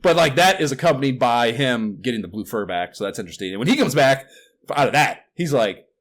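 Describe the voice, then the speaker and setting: A man's voice: medium pitch, brisk. A man co-hosting a podcast, talking casually, rambling, swearing freely and breaking into incredulous outbursts. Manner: rambling, swears often, animated outbursts of disbelief. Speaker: podcast co-host. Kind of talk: casual chat.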